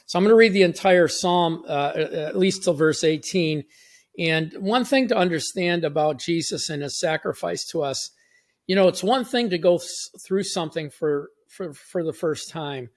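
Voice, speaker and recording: A man's voice: a little high, moderate pace. A man hosting a short devotional, reading scripture aloud and explaining it in an earnest, conversational way with frequent restarts. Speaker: podcast host and Bible teacher.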